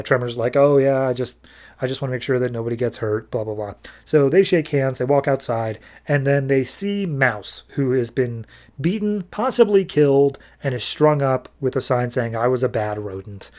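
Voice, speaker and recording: A man with a mid-range voice talks through a comic book story in a relaxed podcast recap. He tells it loosely and offhandedly, dropping quick quoted lines along the way. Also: medium pitch. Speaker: podcast host reviewing comics.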